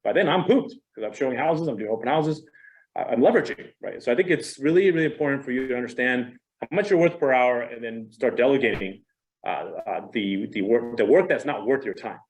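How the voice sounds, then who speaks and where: A middle-aged man leads a casual training session for a roomful of agents. His pitch sits in an ordinary middle range, and his delivery is animated and conversational. He is easy and self-deprecating as he talks. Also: a little fast, low-quality recording. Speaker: real estate trainer.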